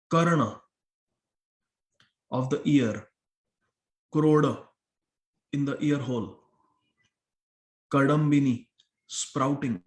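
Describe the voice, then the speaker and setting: Man explaining scripture in an echoey hall. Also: medium pitch. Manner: explains a verse word by word, repeating phrases for emphasis. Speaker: temple lecturer. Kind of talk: scripture class sermon. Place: temple hall. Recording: roomy echo of a hall.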